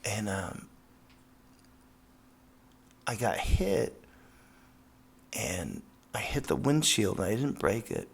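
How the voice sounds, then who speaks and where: A professional skateboarder telling a casual, profane, rambling story with lots of fillers. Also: male voice, fairly low pitch, big pitch swings, takes it slowly, vocal fry, pauses often, slightly rough.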